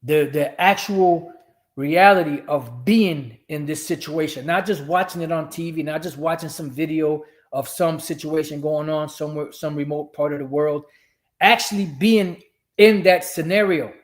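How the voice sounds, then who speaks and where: Brief: man streaming a profane, rambling religious rant, fairly high-pitched voice. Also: moderate pace. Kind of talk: ranting religious commentary.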